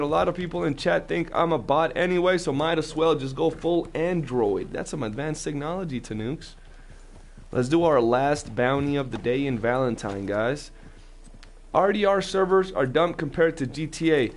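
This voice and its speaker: A young man chatting casually on a live game stream, talkative and slangy, telling animated stories to his chat. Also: fairly high pitch, a little hiss or hum.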